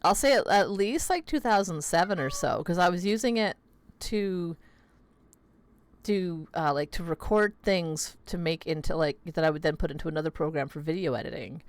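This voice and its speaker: A woman with a lowish voice chats casually during a gaming livestream, rambling with plenty of fillers and laughter. She talks at normal speed into a close desk mic, and the recording is dry.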